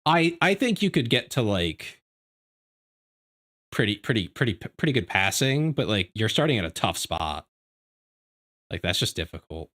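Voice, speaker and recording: A man streaming from home, chatting casually with his viewers in a rambling, animated way, often restarting his sentences. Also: fairly low pitch, normal speed, pauses often. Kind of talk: casual livestream chat. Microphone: desk microphone.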